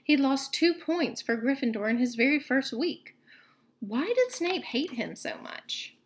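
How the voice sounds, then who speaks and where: A woman teacher reads a novel aloud to her book club. Her narration is lively and expressive, in a fairly high voice. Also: a little slow, a little hiss or hum.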